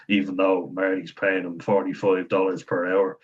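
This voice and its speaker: A man's voice: low voice, completely flat delivery, normal speed, dull audio. A man giving a chatty, meandering spoken review of a TV series, retelling scenes as he goes. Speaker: show reviewer.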